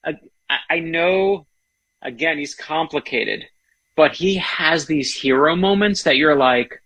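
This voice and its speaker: A man's voice: a little high, lively intonation, unhurried, bright, forceful tone, slightly rough. A man, an author and guest, telling history stories enthusiastically in casual interview chat. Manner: enthusiastic, storytelling.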